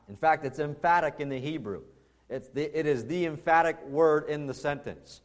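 A man's voice: medium pitch, normal speed. Emphatic male pastor preaching. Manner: conversational and emphatic, building to loud peaks. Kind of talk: sermon.

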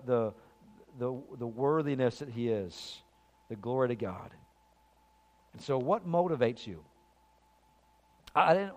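A male pastor preaching a sermon with passion, swelling to loud peaks and then falling quiet. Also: on the high side, big-room sound.

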